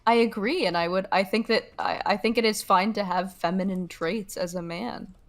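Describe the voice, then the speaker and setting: A woman's voice: mid-range voice, fairly even intonation, normal speed. Hesitant filler-heavy woman, debate guest on a voice call. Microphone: online voice call.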